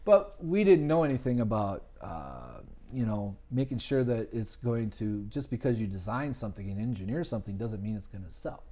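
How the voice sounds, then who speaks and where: A man's voice: lowish voice, moderate pace. A man guest on a podcast, chatting casually and acting out the voices of people in his stories. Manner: animated storyteller, acts out quoted voices. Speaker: podcast guest, business owner. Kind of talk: casual storytelling chat.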